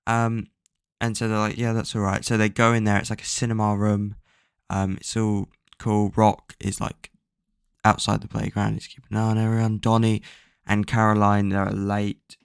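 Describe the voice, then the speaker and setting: A man's voice: on the low side, monotone, moderate pace, creaky, smooth, dry recording, clean studio sound. A man casually recapping a book's plot at home, rambling with lots of fillers and frequent swearing. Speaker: book plot summarizer. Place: at home, bedroom with a cat.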